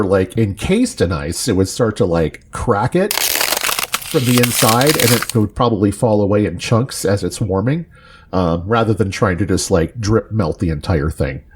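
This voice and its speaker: A man's voice: fairly low pitch, husky. A man taking his turn as a player, casually and hesitantly, with many fillers. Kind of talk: casual chat.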